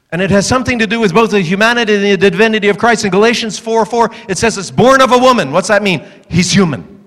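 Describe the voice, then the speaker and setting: A pastor delivering a humorous sermon to a congregation, animated and joking, acting out the voices in his stories. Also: sits high, big-room sound.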